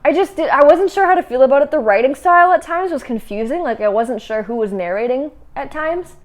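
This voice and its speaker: A woman's voice: sits high, animated, brisk. A young woman casually chatting about books she has read, with many fillers and restarts. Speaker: book vlogger. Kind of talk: casual chat.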